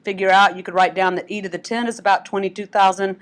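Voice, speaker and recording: A woman's voice: medium pitch, fairly even intonation, fast talker. A woman math teacher explaining step by step, with joking asides. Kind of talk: classroom lesson.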